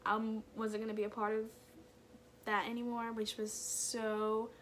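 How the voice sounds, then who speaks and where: A young woman telling a personal story in a chatty, animated way, full of "like"s. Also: a little high, measured pace, a little hiss or hum. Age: young adult. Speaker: vlogger.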